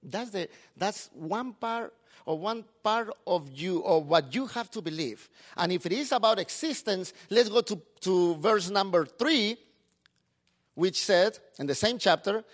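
A middle-aged man, a pastor preaching a sermon in a lively, talkative way. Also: high voice, measured pace.

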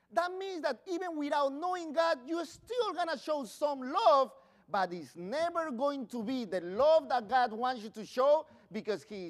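A middle-aged man preaches a sermon in a notably high voice that rises and falls with feeling. He talks conversationally to the congregation, asks them questions and makes small grammar slips. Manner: non-native English with grammar slips. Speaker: pastor.

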